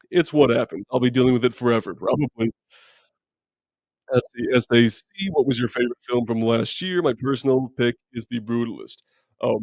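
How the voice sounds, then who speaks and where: A man with a deep voice hosting a live movie chat stream, talking casually and rambling with lots of fillers as he reads viewer comments. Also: dry recording, rough recording. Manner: relaxed, rambling, many fillers and restarts. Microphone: streaming mic.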